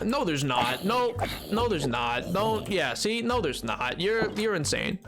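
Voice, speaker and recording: A man's voice: sits high, very animated, unhurried, over music. A man streaming a game, chatting casually and playfully and joking with his viewers. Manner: playful, jokey, banters with chat. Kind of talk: casual gameplay commentary.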